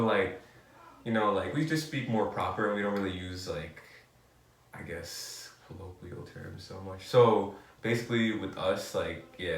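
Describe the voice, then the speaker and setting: Rambling young New York man, roomy. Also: sits low. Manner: rambling, heavy "like" filler, animated bursts. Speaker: podcast co-host. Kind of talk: casual chat. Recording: roomy and distant from the mic.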